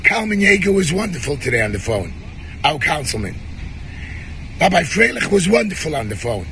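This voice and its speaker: A hoarse man giving a fiery, defiant rallying speech and shouting slogans to his community. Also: a little high, sing-song, normal speed, a little hiss or hum. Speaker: activist addressing his community.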